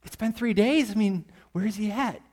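A man's voice: high voice, moderate pace, darkish tone, voice pushed up. A man voicing a frightened male disciple hiding behind a locked door, whiny and pleading. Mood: panicky.

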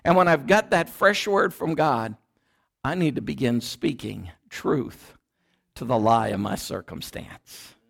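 A man's voice: mid-range voice, animated, measured pace, gravelly, fairly bright tone. A man preaching a sermon in a church, emphatic and repetitive, calling the congregation to repeat after him. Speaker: pastor.

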